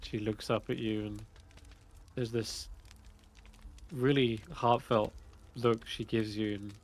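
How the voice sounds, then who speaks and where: Slow, hesitant man running a tabletop game. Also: lowish voice, level tone. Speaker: game master.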